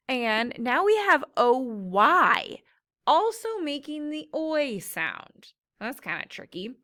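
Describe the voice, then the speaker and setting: Slow, patient woman teaching phonics. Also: fairly high pitch, a bit bright. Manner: slow, patient, clearly sounding out words. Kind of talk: phonics lesson for young children.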